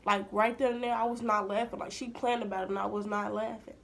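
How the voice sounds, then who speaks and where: A young woman vlogger casually telling a personal story to her viewers, chatty and talking straight to them, sometimes dropping into hushed asides. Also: medium pitch, level tone, fast talker, creaky.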